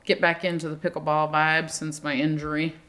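A woman co-hosting a casual podcast, chiming in with quick reactions. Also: deep voice, level tone, fairly bright tone. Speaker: podcast co-host. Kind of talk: casual chat.

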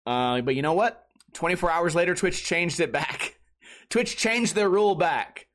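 A young man with a high voice hosts his own comedy podcast, talking alone in a loose, rambling way. He swears freely and often restarts his sentences mid-thought. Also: lively intonation, unhurried, fairly bright tone. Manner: rambling and crude, with frequent restarts. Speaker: podcast host. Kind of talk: casual solo comedy podcast monologue.

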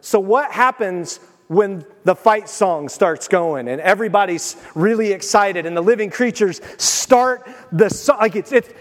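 Excitable high-voiced preacher in a hall. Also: male voice, a little slow, few pauses. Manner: animated, excitable preaching with sudden swings in loudness. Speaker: pastor. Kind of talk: sermon. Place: church sanctuary. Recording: long reverb of a church hall.

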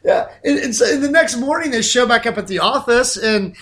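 Podcast co-host, male, high and bright voice, animated and halting, repeats himself. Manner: animated, repeats words, many restarts. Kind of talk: casual film discussion.

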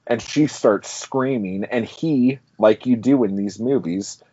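A man's voice: medium pitch, takes it slowly, mellow, slightly rough, dry recording. A man co-hosting a casual film podcast, recapping a movie in a rambling way with lots of "like" and swearing. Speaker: podcast co-host. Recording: dull dry lo-fi audio.

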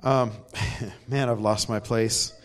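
A man's voice: fairly low pitch, steady tone, slow pace. A man giving a conversational sermon in a church, telling stories with self-deprecating humor and laughs. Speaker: preacher.

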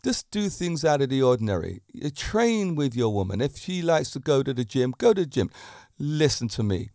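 Speaking at a normal speed into a handheld mic, a man who teaches fitness talks about romance on his own podcast. His mid-range voice sounds lively and preachy as he piles on rhetorical questions, captured in a dry, clean studio recording.

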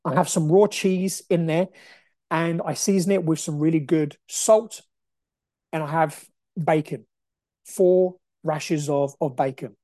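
A young man hosting a solo podcast, talking in an emphatic, energetic, motivational way. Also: on the high side, measured pace, no echo, studio quality. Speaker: podcast host.

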